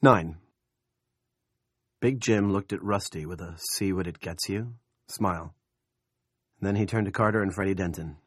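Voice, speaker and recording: A man narrating an audiobook in a gritty, husky voice, slipping into gruff character dialogue. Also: low-pitched, measured pace, long pauses, no room sound, clean studio sound.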